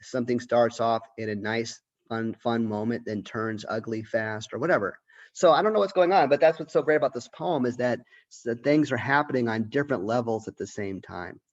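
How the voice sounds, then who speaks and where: The lecturer, a college literature professor, has a mid-range voice and a brisk pace, and the recording cuts off the highs. He works through ideas aloud, restarting and asking questions as he goes.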